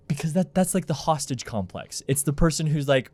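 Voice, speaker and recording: A man on a podcast, arguing his points earnestly and firmly in a slightly higher voice. The sound is dry and close. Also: animated, normal speed, few pauses, darkish tone, dry recording. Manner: earnest, firm, argumentative. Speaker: podcast co-host. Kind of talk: casual podcast chat.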